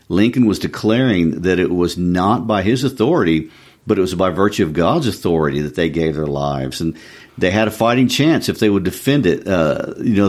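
A man with a very low voice talks through history in an explanatory way. He thinks aloud and often drops in small fillers as he goes. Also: darkish tone. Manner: reflective, with frequent fillers. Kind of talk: explanatory discussion.

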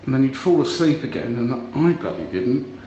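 A man stammers and restarts his way through a voicemail in a comic sketch, his pitch sitting in the middle. The recording sounds roomy and a little dull, with a faint hum of ambience behind him. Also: sing-song. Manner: halting, stammering, grows exasperated and shouting. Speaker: friend leaving voicemails.

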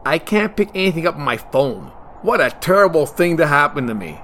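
A man playing a deadpan, lazy young guy. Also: fairly high pitch, brisk, a little hiss or hum. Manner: deadpan, sarcastic. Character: sarcastic lazy young man, soccer fan.

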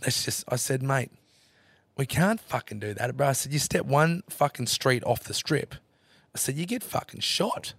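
Animated swearing storyteller man, dry sound. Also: medium pitch, moderate pace, breathy edge, no room sound. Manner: animated yarn-teller, swears freely, acts out others' lines. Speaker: podcast guest. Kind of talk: casual storytelling chat.

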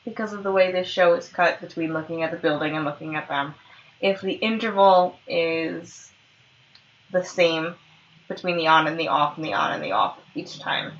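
A woman's voice: low voice, animated, moderate pace, fairly bright tone, highs cut off. A woman co-hosting a casual chat podcast, animatedly retelling scenes from a show and laughing often. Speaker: podcast co-host. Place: at home on a couch.

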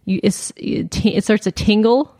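A woman podcast host in casual chat, relaxed, chiming in with quick reactions. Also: medium pitch, dry recording, studio quality.

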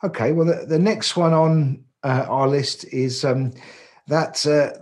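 A man co-hosting a podcast, explaining trade terms step by step in a relaxed, chatty way with frequent ums. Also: fairly high pitch, takes it slowly. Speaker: podcast co-host, driver agency office manager. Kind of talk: casual explanatory chat.

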